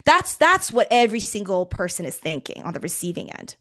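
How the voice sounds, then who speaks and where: A woman's voice: medium pitch, big pitch swings, a little fast, hardly any pauses, a bit bright. A woman recruiter talking bluntly and animatedly in a casual interview, swearing freely. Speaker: recruiter guest.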